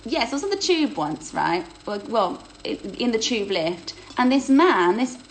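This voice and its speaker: Hosting a livestream Q&A on her phone, a woman reads out viewer questions and answers them casually, self-deprecating and quick to laugh. Her voice is fairly high and very animated, and the recording is rough.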